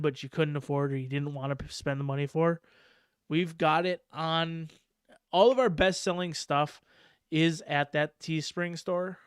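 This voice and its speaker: Lively profane male podcast host. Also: fairly high pitch, clean tone, dry recording, clean studio sound. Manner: animated, profane, laughs often. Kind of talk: casual podcast chat.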